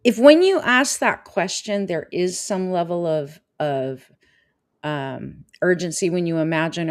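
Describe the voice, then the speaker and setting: A woman hosting a live-stream coaching talk, animated, often repeating phrases and answering viewers' comments. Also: sits low, a little slow.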